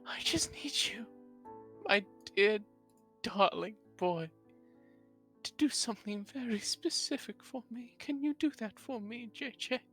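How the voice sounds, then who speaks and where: A mother fakes her final moments in a breathy, quavering falsetto, with every word drawn out for drama. A man performs her in a tabletop game. The pitch sits high above the player's usual voice. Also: measured pace, fairly bright tone, soft background music, heavily acted. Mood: melodramatic. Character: theatrical mother faking a deathbed scene.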